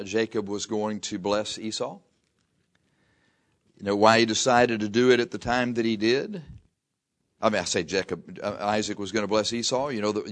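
An older man preaching a folksy sermon, reading scripture slowly and telling homespun stories. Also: mid-range voice. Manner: slow, drawn-out scripture reading mixed with chatty anecdotes.

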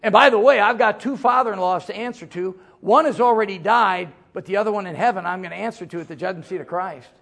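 A middle-aged man preaching a sermon as pastor, folksy and joking, swinging from loud emphasis to low asides. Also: fast, creaky, hardly any pauses.

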